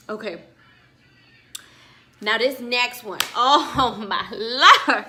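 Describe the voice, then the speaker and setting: A woman's voice: fairly high pitch, drawn-out words, sharp tone, faint music behind. A young woman vlogger telling a story in a casual, sassy way, with lots of asides to her viewers.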